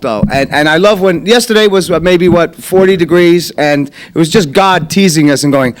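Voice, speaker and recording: A man performing a stand-up comedy set in a club, animated and punchy, with mock-exasperated rants. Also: sits high, moderate pace, a crowd in the background, noisy background.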